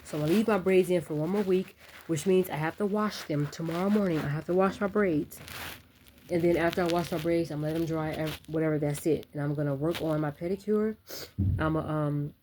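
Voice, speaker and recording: A woman's voice: low-pitched, a little fast, darkish tone, slight background noise. A young woman chatting casually to her phone camera at home, rambling and talking straight to her viewers. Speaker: vlogger.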